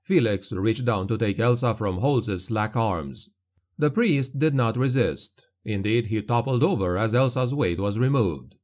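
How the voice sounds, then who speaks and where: A man narrating a dark fantasy audiobook in a steady, dramatic storytelling manner. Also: fairly low pitch, a little slow.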